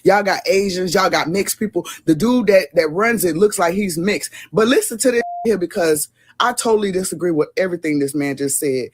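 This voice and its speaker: A man's voice: sits high, brisk, breathy edge. A man hosting casual commentary, blunt and slangy as he reacts to a clip. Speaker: commentary host.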